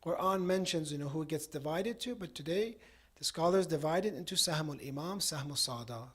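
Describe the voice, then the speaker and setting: A man delivers a Ramadan night sermon in a mosque, his voice sitting a little above the usual male range. He tells a moral story in a loose, conversational way, with frequent "you know" asides. He moves smoothly from the story into a closing prayer. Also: a little high, fairly quick, a bit bright. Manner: ends with a supplication. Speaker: cleric giving a Ramadan night talk.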